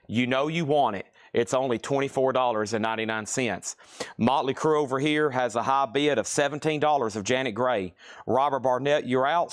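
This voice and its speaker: A man hosting a live online record sale, rattling off prices and bids in rapid salesman patter, with audible nose breathing on a close mic. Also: mid-range voice, clear, resonant tone, no room sound. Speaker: live-stream auction host. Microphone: mic right next to his mouth.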